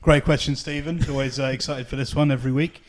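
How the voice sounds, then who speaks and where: A man, a podcast co-host with a dry, deadpan manner. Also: medium pitch, quick pace. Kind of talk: casual comedy banter.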